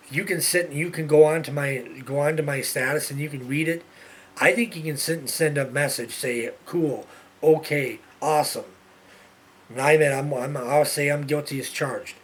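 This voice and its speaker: A man's voice: mid-range voice, slight background noise. A man hosting his own show, ranting in an exasperated way, repeating himself and restarting his sentences. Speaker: show host. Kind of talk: ranting monologue.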